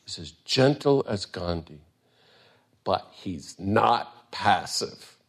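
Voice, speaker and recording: An older man giving an earnest, impassioned talk, climbing to emphatic peaks and then dropping quiet. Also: sits low, animated, slow pace, husky. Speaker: speaker on nonviolence.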